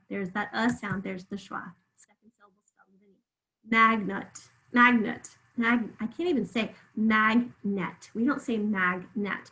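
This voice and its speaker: A woman teaching a remote phonics lesson, patiently drawing words out slowly so listeners can hear each sound. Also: fairly high pitch, a bit bright, rough recording.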